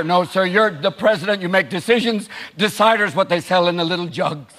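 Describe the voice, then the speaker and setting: A man doing a stand-up comedy set in a large theater, talking in an animated way and leaping into shouted impressions. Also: high voice, a little fast. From United States. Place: large theater with a laughing audience. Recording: live show with loud crowd noise.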